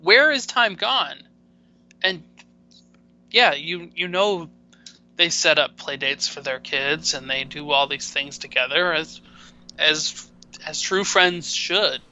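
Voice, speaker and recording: Bright-voiced rambling man, muffled mic. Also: on the high side, takes it slowly, pauses often. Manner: rambling, loses words, self-deprecating. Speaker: podcast co-host. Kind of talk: casual hockey chat. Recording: dull, muffled mic sound.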